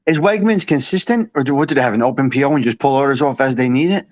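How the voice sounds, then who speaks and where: A man co-hosting a casual chat, loud and laughing, swearing freely. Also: mid-range voice, fast talker, no room sound, muffled recording. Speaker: podcast co-host.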